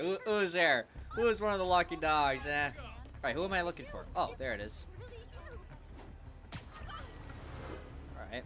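A man's voice: on the high side, pushed and bright. A young man doing goofy let's play commentary with crude jokes. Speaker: gaming YouTuber. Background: game music.

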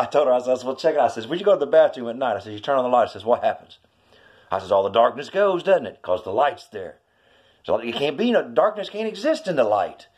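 A middle-aged man, telling a faith story in a rambling vlog, full of "you know" and "I says", his voice jumping high when excited. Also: husky. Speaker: vlogger telling a witness story. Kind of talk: casual storytelling testimony.

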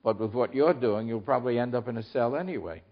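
A man's voice: mid-range voice, fast talker, dull audio, lightly acted. An older man reading aloud and voicing a rude, mocking male bird from a storybook that twists every word. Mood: teasing. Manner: snappy wordplay retorts.

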